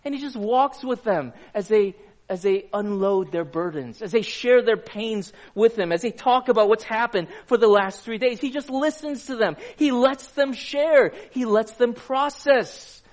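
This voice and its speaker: Male pastor with a high voice, chatty sermon delivery, puts questions to the congregation. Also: measured pace. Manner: conversational, asks the audience questions.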